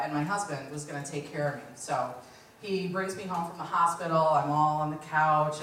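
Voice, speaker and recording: A woman in her thirties tells a stand-up routine in a chatty, storytelling way, acting out other people's lines as she goes. Her voice is caught from a distance by the mic. It bounces around a very echoey room, with faint ambient noise underneath. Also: low-pitched. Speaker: stand-up comedian. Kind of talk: live stand-up comedy. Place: lounge stage.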